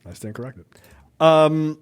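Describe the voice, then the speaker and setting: A man's voice: a little high, measured pace, clean tone. A man co-hosting a casual movie review chat, acting out the characters' lines. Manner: animated, acts out characters' lines. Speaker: podcast co-host.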